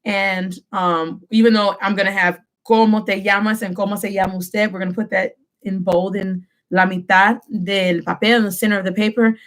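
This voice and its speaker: A woman teaching a Spanish lesson, switching between English and Spanish and slowing down to stress key phrases. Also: mid-range voice, fairly even intonation. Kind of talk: classroom lesson.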